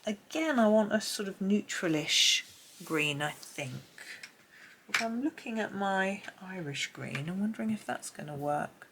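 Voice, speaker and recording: A woman's voice: medium pitch, expressive, unhurried, background noise. A middle-aged woman with a Gloucestershire accent, talking and rambling as she leads a colouring tutorial. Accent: Gloucestershire English. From England. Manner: rambling and self-amused, thinking aloud while colouring. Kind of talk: chatty narrated drawing tutorial. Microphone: camera mic on a tripod.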